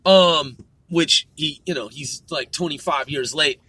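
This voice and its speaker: A man delivering a profane political rant, crude and full of swearing, filler words and "dude", swinging from muttering to shouting. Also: on the high side, a little slow, slightly rough, no room sound. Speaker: political commentator.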